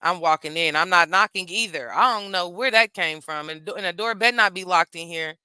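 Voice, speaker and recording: A woman's voice: on the low side, a little fast, pushed and bright, clear, resonant tone, dry recording. A middle-aged woman, a parent, talking casually as she reacts to a video, stressing points by saying them again and again. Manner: emphatic, repeats phrases for stress.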